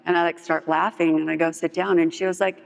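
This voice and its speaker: A woman's voice: fast talker, gravelly. A woman sharing her recovery story at a meeting, casual and candid, with lots of "like" fillers and playful acted-out dialogue. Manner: animated storyteller who acts out others' lines in a higher voice; frequent "like" fillers, candid and humorous. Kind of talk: personal testimony at a recovery meeting. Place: large meeting hall with long reverb. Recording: reverberant hall recording.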